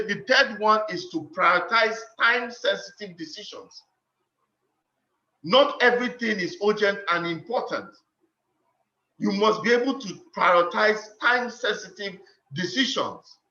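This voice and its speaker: A man's voice: sits high, animated, measured pace, sharp tone. A man giving a motivational teaching talk on leadership, earnest and instructive, often repeating phrases for emphasis. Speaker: leadership speaker. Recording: roomy, dull lo-fi sound.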